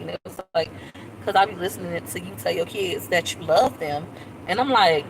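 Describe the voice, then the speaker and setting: A woman vlogger chatting casually on a live stream, animated and talkative, with squealing high jumps when she quotes people. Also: creaky, noisy background.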